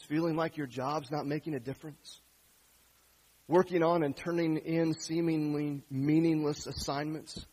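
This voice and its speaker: A male pastor giving a sermon, asking gentle, earnest questions of his congregation. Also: a little high, slightly rough, poor audio.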